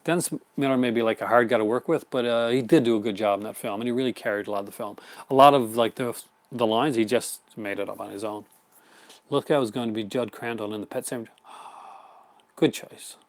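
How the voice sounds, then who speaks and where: A man's voice: medium pitch, fairly quick, no room sound. A man hosting a casual live stream, rambling enthusiastically about his horror film collection, with many fillers and restarts. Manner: answers viewer chat comments.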